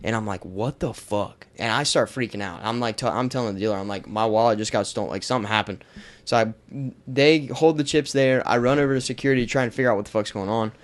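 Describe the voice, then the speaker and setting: A man with a mid-range voice, hosting a podcast. He tells a story in a loose, animated way, swearing as he goes, and he sounds like he is chatting with friends. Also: mid-range voice, quick pace. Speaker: podcast host. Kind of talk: casual storytelling chat.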